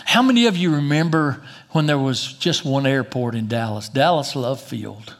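For emphasis, the middle-aged pastor lets his sermon surge loud and high and then sink to a soft, unhurried tone.

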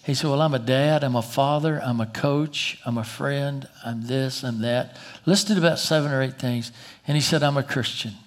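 A man preaching a sermon in a folksy, emphatic way, slowing down for dramatic pauses. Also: mid-range voice.

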